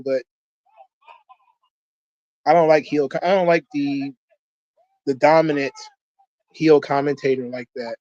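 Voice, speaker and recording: A man's voice: on the high side, a little mellow, muffled recording. A man hosting a wrestling watch-along, talking in a loose, rambling way with frequent swearing. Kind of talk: casual commentary.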